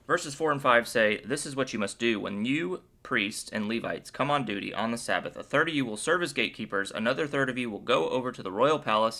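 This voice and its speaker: A man's voice: medium pitch, sharp tone. A man hosting a casual Bible commentary, upbeat and playful, cracking jokes as he retells the chapter. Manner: playful and joking; upbeat and enthusiastic. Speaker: Bible video host.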